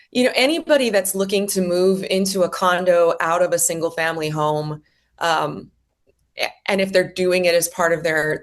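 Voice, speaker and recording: A woman, a realtor guest on an interview show, explaining the market in detail with examples. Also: fairly low pitch. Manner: knowledgeable, explains with examples and lists of questions. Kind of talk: casual interview chat.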